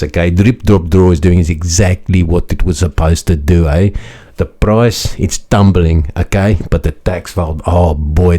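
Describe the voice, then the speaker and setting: A man with a very low, mellow voice performs a crude, mocking parody monologue. His manner is bombastic and self-important as he hosts a crypto comedy channel.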